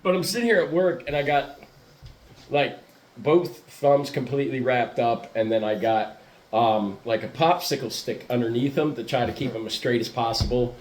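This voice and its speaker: A man's voice: medium pitch, moderate pace. A man telling a rowdy story in a casual podcast chat, swearing freely and laughing often. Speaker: podcast host.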